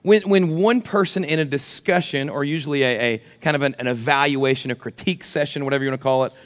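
A man in his thirties, a pastor, giving a sermon with animated, self-deprecating stories. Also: medium pitch, quick pace, long reverb tail. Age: 30s.

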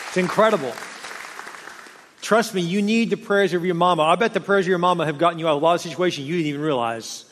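A man preaching a sermon in a lively, conversational way, often asking the crowd questions. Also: high voice. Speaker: pastor. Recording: long hall reverb.

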